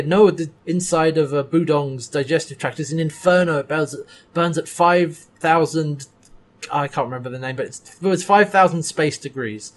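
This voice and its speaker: A man's voice: fairly high pitch, moderate pace. A man co-hosting a chat podcast, recapping a TV episode and acting out the characters' lines with laughs. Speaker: podcast co-host.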